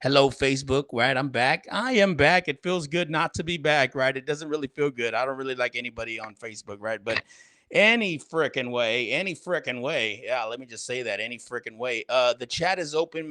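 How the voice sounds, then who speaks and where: Man, casual livestream host, slangy, bright tone, dry close mic. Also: mid-range voice, fairly quick, no echo. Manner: slangy, repetitive, talks straight to chat. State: slightly out of breath.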